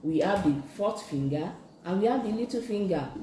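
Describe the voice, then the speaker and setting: A sign language instructor, teaching slowly and patiently in a live-streamed lesson, repeating each phrase many times. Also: medium pitch, lively intonation, mellow, slight background noise. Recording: echoey room.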